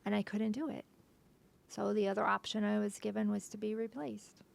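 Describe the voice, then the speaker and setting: A woman being interviewed as a podcast guest, retelling a painful personal story haltingly, with restarts and frequent drops to a soft whisper. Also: mid-range voice, little pitch movement, vocal fry.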